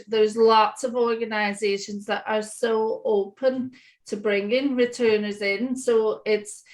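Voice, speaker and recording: Slow-talking upbeat woman. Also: medium pitch, poor audio. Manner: upbeat, laughs easily, practical. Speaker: workshop co-facilitator. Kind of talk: online workshop talk. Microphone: video call.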